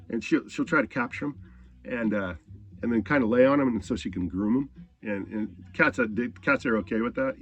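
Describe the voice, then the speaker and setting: A man's voice: mid-range voice, slightly rough. A man telling a personal story in a rambling, profane, laid-back way. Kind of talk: casual spoken anecdote.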